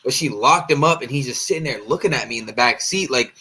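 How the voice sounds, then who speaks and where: A man's voice: mid-range voice, fast talker, slight background noise. A man casually telling a long story to friends on a podcast. He swears freely and acts out the other people's lines. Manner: animated, profane, acts out quoted voices. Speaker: podcast co-host.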